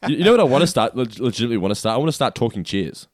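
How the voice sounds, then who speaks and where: A man's voice: medium pitch, big pitch swings, very fast, no echo, studio quality. A man co-hosting a podcast, teasing his partner and swearing casually. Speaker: podcast co-host.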